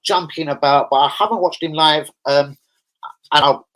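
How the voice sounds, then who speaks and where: A man hosting a casual vlog, talking straight to his viewers in animated, streetwise slang and swearing as he rants. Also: on the high side, moderate pace, poor audio. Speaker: channel host.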